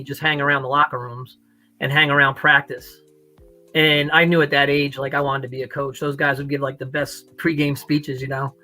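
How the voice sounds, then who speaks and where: A man's voice: a little high, bright, forceful tone, poor audio. A man from New York, a former student, talking casually on a video call in a rambling way. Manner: rambling, many fillers and restarts.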